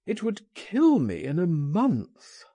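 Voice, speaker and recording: A man's voice: huge pitch swings, slow, mellow, husky, dry recording, full character voice. A man reading a storybook aloud, voicing a frightened man who pleads in a raised, anguished voice. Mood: resigned. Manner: pleading, anguished, higher than the narrator. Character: frightened, despairing man trapped by fear.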